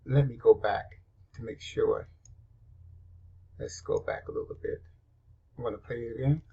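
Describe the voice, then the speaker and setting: A man's voice: medium pitch, huge pitch swings, normal speed, vocal fry, mellow, breathy edge, lo-fi sound. A man casually presenting, talking while he cues up recorded lesson clips. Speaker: host playing lesson clips.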